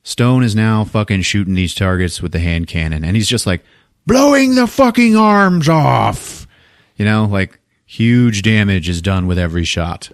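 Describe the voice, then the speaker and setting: A man's voice: deep voice, normal speed, few pauses, clear, resonant tone, no echo, studio quality. A man co-hosting a podcast, retelling a movie scene by scene in casual chat, swearing freely and acting out the characters' lines. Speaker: podcast co-host recapping a movie.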